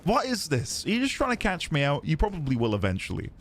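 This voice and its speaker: A man's voice: fairly high pitch, huge pitch swings, quick pace, fairly bright tone, slight background noise. Chatty British man streaming a game. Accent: British English. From United Kingdom. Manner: chatty, rambling, laughs easily, reads out chat. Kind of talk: casual gameplay stream chat.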